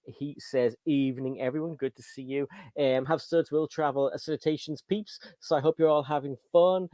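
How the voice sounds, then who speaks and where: A man's voice: a little high, steady tone, moderate pace, dark tone, no room sound. An Irish man hosting a casual livestream, chatting and reading out viewer comments. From Ireland. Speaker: host.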